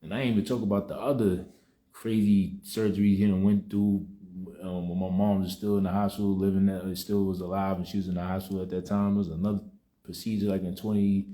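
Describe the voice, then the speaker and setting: Deep-voiced man with a mellow, reflective tone. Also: flat delivery, quick pace. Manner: rambling with many "you know" fillers and restarts; subdued and reflective. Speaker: vlogger sharing a personal testimony. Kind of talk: casual spoken testimony.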